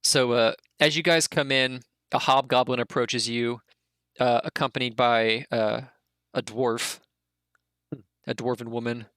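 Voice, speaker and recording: A man's voice: medium pitch, steady tone, measured pace, a bit bright, clear, resonant tone, dry recording. A man narrating as game master of a tabletop game, rambling with many restarts and fillers.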